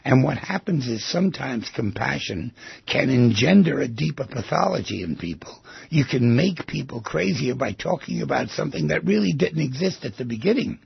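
Gravelly, husky male radio host. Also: mid-range voice, very animated, normal speed, no room sound, lo-fi sound. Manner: musing, asks many rhetorical questions. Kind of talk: reflective monologue on psychology.

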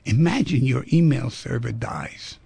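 A man hosting a radio call-in show, talking in an animated, playful storytelling way into a studio microphone. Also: mid-range voice, a little slow, vocal fry, a little hiss or hum. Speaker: radio talk show host.

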